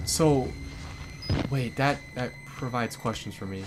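A man hosting a horror game let's play, reacting out loud, swearing often and bursting into startled shouts. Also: mid-range voice, takes it slowly, noisy background. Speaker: gaming channel host.

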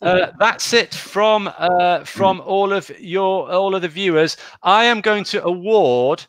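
A man's voice: high-pitched, slow pace, a bit bright, dry recording. Man reading jokes, very dry sound. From Wales. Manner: chuckles at the jokes he reads out, stumbles over names. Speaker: producer reading out viewer jokes. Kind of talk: casual online show chat.

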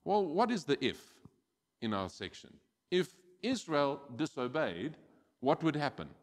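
A man preaching a sermon as pastor, animated and acting out quoted voices. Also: fairly high pitch, a little slow. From South Africa. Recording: church hall with long reverb.

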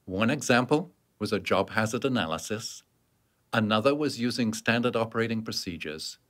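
A man's voice: on the low side, expressive, normal speed, fairly bright tone. A man giving scripted narration for a workplace safety training course, explaining step by step and answering his own questions.

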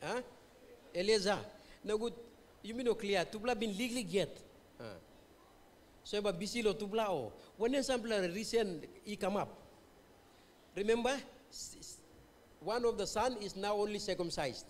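A man's voice: high-pitched, normal speed, long pauses. A male pastor with a Papua New Guinean accent preaching a revival sermon, switching between English and Tok Pisin and putting questions to the congregation. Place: church hall. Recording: long church-hall reverb.

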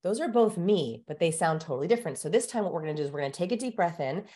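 Talking very fast in a low-ish, mellow, animated voice, the communication expert guest coaches on how to speak. She explains and demonstrates various vocal tones in an instructive way.

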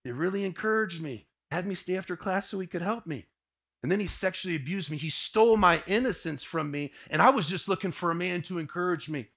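A man in his forties from Indiana telling a personal testimony to a live audience, swinging from hushed to booming as he tells it. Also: a little fast. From Indiana, USA. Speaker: motivational speaker.

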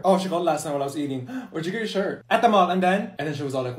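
Man, slightly high voice, comedy skits, plays several schoolgirls, quick character switches, sassy shouted outbursts. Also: animated. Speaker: comedy sketch creator.

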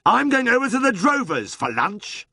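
A man voicing a jovial older boss who turns icily quiet and then outraged, in an audiobook. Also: extremely high pitch, very animated, normal speed, gravelly, husky, no echo, studio quality, voice pushed up, heavily acted.

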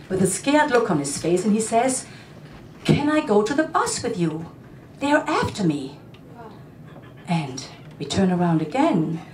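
A middle-aged woman, singer and storyteller, calmly recounting a personal story with dramatic pauses. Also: medium pitch, a little hiss or hum. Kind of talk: personal storytelling between songs. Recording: roomy, distant mic with music behind.

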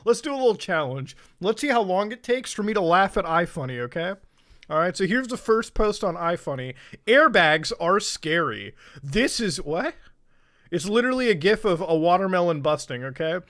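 A man's voice: high voice, expressive, a little fast. A man streaming live, ranting casually with sarcastic, profane emphasis and tagging his points with "okay?". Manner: tags lines with "okay?" and "all right?".

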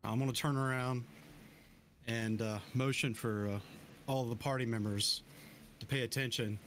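A man takes his turn in a tabletop game, talking in a relaxed way with lots of "uh"s. His mid-range voice carries a faint hiss of background noise. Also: medium pitch, moderate pace. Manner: relaxed, filler-heavy. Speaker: player. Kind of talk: casual tabletop play.

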